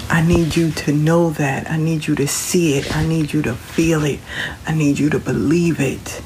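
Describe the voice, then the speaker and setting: A man's voice: fairly high pitch, fairly even intonation, moderate pace, a little mellow, slight background noise. A man talking casually and reassuringly, giving folksy spiritual advice, sometimes dropping to a whisper. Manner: Southern Black vernacular, folksy, reassuring, drops into whispers. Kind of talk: casual inspirational talk.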